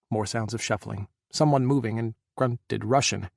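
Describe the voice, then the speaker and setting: A man narrating an audiobook in a measured, dramatic way. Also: fairly low pitch, fairly even intonation, vocal fry, a little mellow, dry recording, studio quality. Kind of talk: scripted narration.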